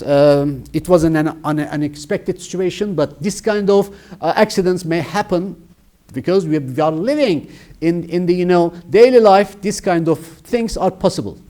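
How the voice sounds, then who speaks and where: A man's voice: sits high, moderate pace, dark tone. A middle-aged man with a Turkish accent teaching a grammar lesson, emphatic and repeating key words for his students. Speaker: English teacher.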